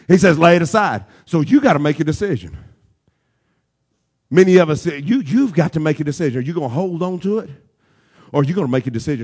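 A male pastor preaching a sermon, building through shouted repeated lines and then dropping to a quieter, conversational tone. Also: a little high, expressive, fast, long pauses, breathy edge. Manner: preaching with rising shouted repetition.

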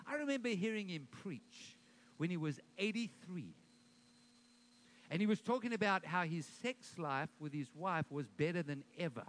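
A middle-aged man preaches with a notably high voice, pressing each point with emphatic, repeated declarations. He lightens the sermon with joking asides and keeps returning to the main line. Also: animated, normal speed, fairly bright tone. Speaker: pastor.

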